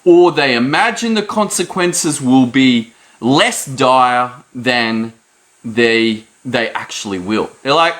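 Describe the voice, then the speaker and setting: A man giving a lively motivational talk to camera, leaping up in pitch to stress his points. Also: slow pace. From Australia. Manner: animated, jumps high in pitch for emphasis. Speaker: host.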